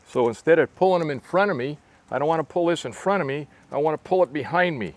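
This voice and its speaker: A man in his sixties, close to seventy, demonstrates fitness exercises for fly fishers on a covered veranda outdoors in a park. His voice is a little high, quick and lively in intonation, and he coaches plainly as he moves through this casual demo.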